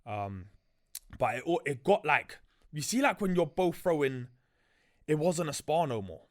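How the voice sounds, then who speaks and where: A man's voice: on the high side, very animated, measured pace. A young man, a podcast guest telling a story in a loose, slangy way with many fillers. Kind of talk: casual storytelling chat.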